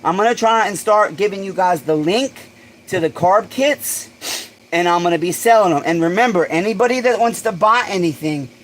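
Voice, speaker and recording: A man hosting a casual livestream, excitable and swearing freely, bursting into shouts. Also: sits high, a little hiss or hum, rough recording. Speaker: livestream host.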